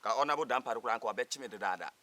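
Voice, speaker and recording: A Ghanaian man acting in a comedy film, talking quickly and mixing Twi with English. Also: mid-range voice, slight background noise, natural voice. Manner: fast, animated Twi-English code-mixing.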